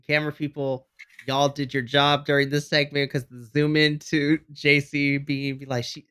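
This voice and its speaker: A man's voice: fairly high pitch, level tone, moderate pace, fairly bright tone, smooth. A man co-hosting a wrestling review podcast, playful and camp, acting out quotes in casual chat. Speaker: podcast co-host.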